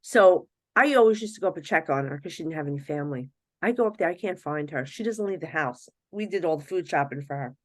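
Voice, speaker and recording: Animated woman telling stories, dry sound. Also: deep voice, fast, no room sound. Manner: animated, acts out quoted voices, laughs often. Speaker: psychic medium guest. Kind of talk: casual storytelling in a podcast interview.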